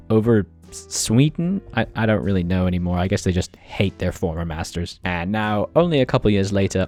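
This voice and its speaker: A man's voice: on the low side, darkish tone. A man commenting on his strategy game playthrough with wry jokes and exasperated asides. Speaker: gaming commentator. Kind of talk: let's play commentary.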